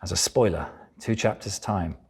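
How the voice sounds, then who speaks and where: A middle-aged man delivers a sermon in a lively, animated way, sometimes slipping into the voices of the people he describes. His voice sits low and has a husky, breathy edge. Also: normal speed. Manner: animated preaching, acts out voices of biblical figures. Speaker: preacher.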